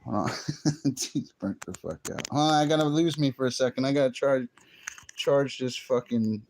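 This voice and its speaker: A man's voice: mid-range voice, moderate pace, a little mellow, a little hiss or hum. A man livestreaming, chatting brashly and jokingly straight to his viewers with plenty of slang. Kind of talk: casual livestream chat.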